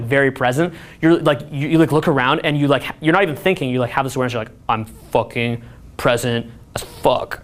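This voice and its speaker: A man giving an energetic, rambling seminar talk full of filler words. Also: fairly high pitch. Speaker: seminar coach. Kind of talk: casual live seminar talk.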